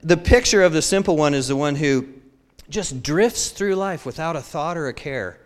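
A man in his fifties preaching a sermon, telling animated stories about himself and acting out quotes with self-mocking humor. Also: fairly high pitch, normal speed.

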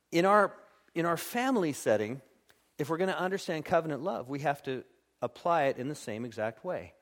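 A man preaching a sermon in church. He reads scripture and acts out little scenes in funny voices to make his point. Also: a little high. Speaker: pastor.

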